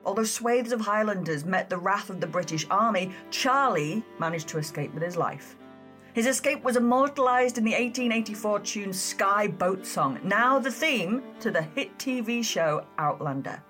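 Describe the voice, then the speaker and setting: A woman's voice: mid-range voice, expressive, normal speed, fairly bright tone, faint music behind. Chatty woman hosting a history podcast. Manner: chatty, self-mocking, giggly asides. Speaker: podcast host.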